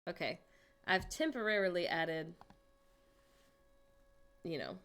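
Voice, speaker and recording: Lively chatty woman streamer. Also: lowish voice, slow. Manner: chatty, talks to herself while working on screen; greets and answers chat viewers. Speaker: livestream host. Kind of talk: casual livestream chat.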